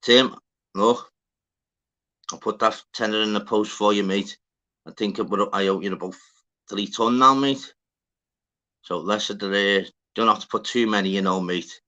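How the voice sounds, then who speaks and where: Scouse male streamer, lowish bright voice, sweary and rambling, greets chat by name. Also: moderate pace, long pauses. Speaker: livestream host. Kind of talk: casual live chat.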